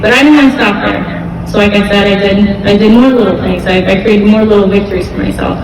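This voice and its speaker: A woman's voice: medium pitch, a little fast, background noise. A young adult woman giving a casual, earnest motivational talk to students as a guest speaker, with fillers and restarts. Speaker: guest speaker at a school event. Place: large school hall. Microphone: distant camera mic. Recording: echoey gym, far from the mic.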